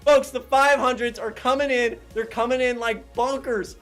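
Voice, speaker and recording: A man hosting a live fundraising appeal, calling out donors and amounts with excited shouts. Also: very high voice, normal speed, faint music behind. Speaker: fundraising auctioneer host.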